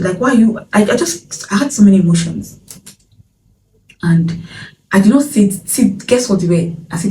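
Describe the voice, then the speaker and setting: A woman's voice: medium pitch, dark tone, a little hiss or hum. A young Nigerian woman telling a personal story in a candid, dramatic way, dipping into whispers. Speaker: vlogger. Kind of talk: storytime vlog. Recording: roomy echo, distant from mic, faint ambience.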